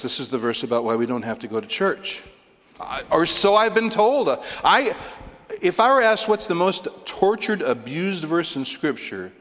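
A man's voice: medium pitch, fairly bright tone. Emphatic male preacher in a reverberant hall. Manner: conversational, emphatic, with rhetorical questions and chuckles. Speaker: pastor. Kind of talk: sermon.

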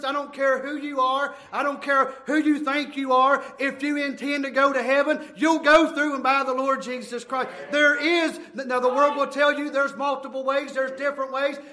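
A man preaching a fervent sermon, shouting in bursts and running out of breath. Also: very high voice, slight background noise.

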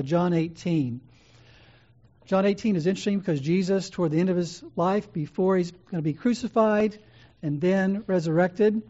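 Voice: medium pitch, warm tone. A preacher delivering an earnest sermon, repeating key phrases with emphatic build-ups, in a slightly dull recording.

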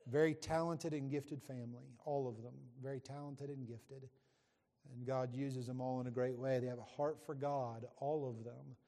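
Middle-aged man, visiting preacher; folksy, joking with the congregation; mid pitch, reverberant sanctuary. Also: dark tone. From West Virginia, USA. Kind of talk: sermon introduction from the pulpit. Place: church sanctuary. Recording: long church hall reverb.

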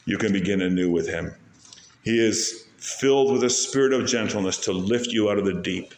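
A man preaching a sermon, swinging between loud rising peaks and soft low passages, slowing way down to stretch key phrases. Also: roomy sound. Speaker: pastor.

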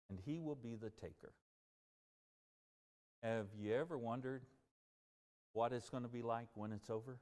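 A male pastor delivers an earnest, animated sermon, his voice climbing and falling as he makes each point. His words ring out with a long reverb tail in a church sanctuary. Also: medium pitch. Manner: earnest, animated preaching that rises and drops.

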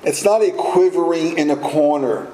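Preacher guy, kinda high but mellow voice, asks the crowd lots of questions, echoey church sound. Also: normal speed, slight background noise. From United States. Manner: emphatic preaching with rhetorical questions. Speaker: pastor. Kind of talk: sermon. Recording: roomy echo, faint ambience.

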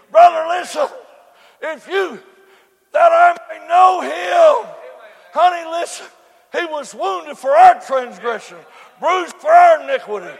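A man preaches in a very high, gravelly voice, drawing out his words slowly. He shouts his lines, then drops to a low, quiet storytelling tone. The sound carries the long echo of a church hall, with a faint congregation behind him. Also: some chatter behind. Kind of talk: sermon.

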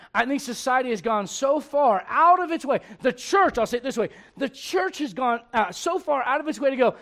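A man with a very high voice preaches a sermon as pastor. He moves from quiet, conversational asides to shouted emphasis and laughs along with his congregation.

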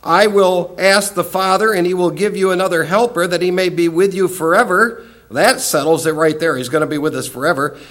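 A man's voice: high-pitched, a bit bright. A man teaching a Bible study lesson in an earnest, emphatic way, repeating key words for stress.

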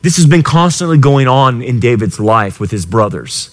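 A middle-aged male pastor preaching a sermon with passion, swinging from quiet lines to shouted ones. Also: medium pitch, moderate pace, hardly any pauses.

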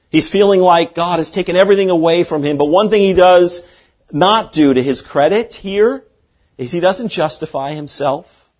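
With a fairly high-pitched voice, a man preaches an expository sermon as a pastor, earnestly shifting from loud passages to hushed ones for emphasis.

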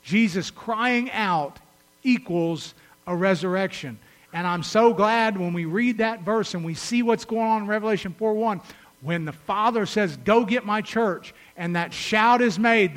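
High-voiced preacher swinging loud to hushed. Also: male voice. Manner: reads scripture aloud and retells stories with voices. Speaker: pastor. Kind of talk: sermon.

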